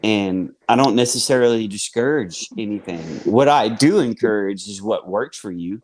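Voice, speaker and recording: A man's voice: fairly low pitch, expressive, normal speed. A man with a Southern US accent telling his recovery story casually, rambling with lots of fillers like "man". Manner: rambling, filler-heavy, says "man" and "y'all". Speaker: guest sharing recovery story.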